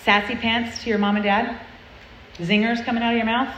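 A woman's voice: mid-range voice, steady tone, fairly quick, a bit bright, a little hiss or hum. Earnest woman preaching in a roomy hall. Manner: earnest, confessional, conversational, with tag questions. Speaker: speaker at a girls' church event. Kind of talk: sermon. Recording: roomy, muffled sound with faint ambience.

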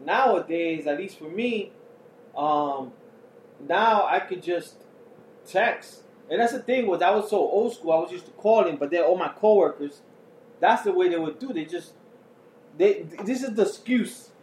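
A man's voice: sits high, expressive, a little slow, roomy sound, a little hiss or hum. A man chatting casually over beer on a podcast, telling loose stories with plenty of swearing. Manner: loose storytelling with profanity. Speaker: podcast co-host.

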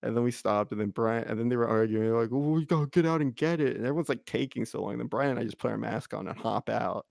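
A man's voice: lowish voice, steady tone, quick pace, creaky, hardly any pauses, dry recording, clean studio sound. A young man casually telling a rambling story, full of "like" and frequent laughter. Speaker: podcast co-host.

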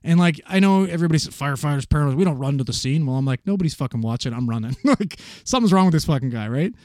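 A man casually telling a paramedic story, animated and swearing freely as he acts out the voices of the people in it. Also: a little high, very fast, dry recording, studio quality.

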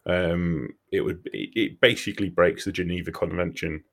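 A man's voice: deep voice, moderate pace. A man telling a crude comic story in casual chat, swearing freely. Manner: animated, swearing, laughing storyteller.

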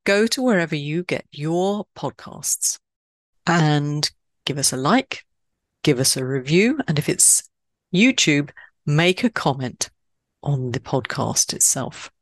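Low-pitched woman from Switzerland, podcast host; scripted, emphatic delivery; dry, close sound. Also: lively intonation, slow, no room sound.

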